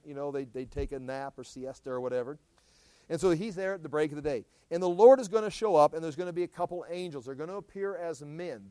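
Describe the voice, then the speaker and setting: A man's voice: on the high side, mellow, no echo. A man teaching a Bible study verse by verse in a casual, conversational way, with asides and restarts.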